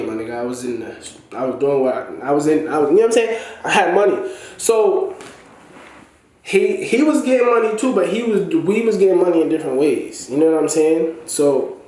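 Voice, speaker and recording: Animated man in a very echoey room. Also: on the high side. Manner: animated, slangy, repeats "you know what I'm saying". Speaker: storyteller recounting a falling-out. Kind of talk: casual spoken storytelling.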